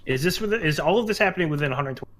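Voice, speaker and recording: Bright-voiced man playing a tabletop game. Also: a little high, rapid-fire. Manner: excitable, swears. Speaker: player. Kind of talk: casual tabletop game chat.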